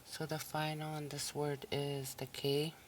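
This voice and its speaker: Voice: medium pitch, measured pace, a little hiss or hum. A language teacher on a recorded listening lesson, repeating each word patiently and breaking it into syllables. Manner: patient, even explaining tone.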